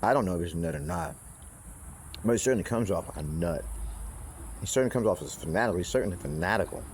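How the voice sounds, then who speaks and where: Casting: man, lowish voice, loose rambling delivery, swears freely, faint crickets behind. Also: lively intonation, fast, slight background noise. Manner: profane, meandering, with frequent restarts and asides. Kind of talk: rambling casual monologue.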